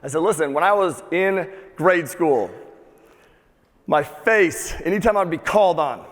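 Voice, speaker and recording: A man with a fairly high voice delivers a live motivational talk in a big hall, and long reverb trails each phrase. He talks with energy and swears freely. He has the crowd repeat key words back to him. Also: a little slow. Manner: energetic, profane, calls for audience repeats. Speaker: motivational speaker.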